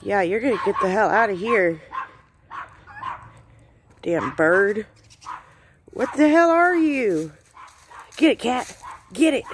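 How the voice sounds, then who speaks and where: A woman's voice: mid-range voice, sing-song, measured pace, long pauses, a little hiss or hum. Sassy woman scolding a bird. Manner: sassy, scolding, trash-talking. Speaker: vlogger. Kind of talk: casual phone-video commentary. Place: outdoors at home.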